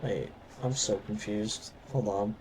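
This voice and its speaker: A man's voice: on the low side, fairly even intonation, slow pace, rough recording. A man streaming a game live, muttering exasperated reactions to himself. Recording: loud background noise.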